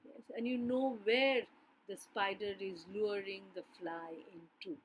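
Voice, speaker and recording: A woman's voice: medium pitch, a little slow, a little hiss or hum, poor audio. A woman teacher explaining a poem line by line, often asking her listeners rhetorical "yes?" questions.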